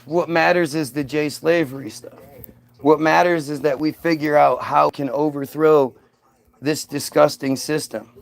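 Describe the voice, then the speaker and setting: A man's voice: fairly high pitch, fairly even intonation, moderate pace, gravelly. A man ranting sarcastically on a livestream, answering viewer comments in a combative, mocking way. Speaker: streamer reacting to viewer comments.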